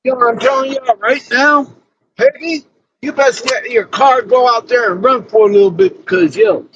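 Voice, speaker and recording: A man's voice: very high-pitched, normal speed, fairly bright tone, breathy edge, muffled recording. A man live-streaming from his car, chatting loosely with friends and viewers in slangy, casual talk.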